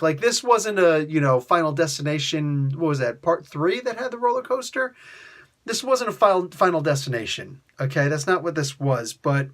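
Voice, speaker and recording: Male comic reviewer, casual rant, very expressive pitch, frequent fillers, exasperated outbursts. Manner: animated, exasperated ranting with mock outbursts; heavy use of filler "like" and "you know".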